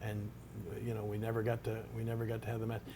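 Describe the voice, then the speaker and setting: A man's voice: on the low side, monotone, fast, dark tone, a little hiss or hum. An older man, telling a long anecdote in an interview with many restarts and asides. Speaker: interview subject, retired wrestler. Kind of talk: storytelling in an interview.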